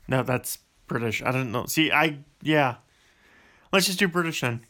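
A man's voice: medium pitch, lively intonation, normal speed, sharp tone. A man with a Western Pennsylvania accent reading a word list for an accent challenge vlog, with casual asides between words. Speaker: vlogger.

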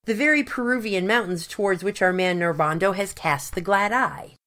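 A woman reading as an earnest gentleman scientist. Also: mid-range voice, moderate pace, pitched above the performer's own voice, lightly acted. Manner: precise, explanatory, long formal sentences.

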